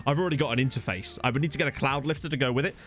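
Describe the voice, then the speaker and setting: Speaking at a racing pace in a mid-range, fairly bright voice, a man streams a football management game. He keeps things chatty and jokey, answering his viewers through a desk USB condenser microphone.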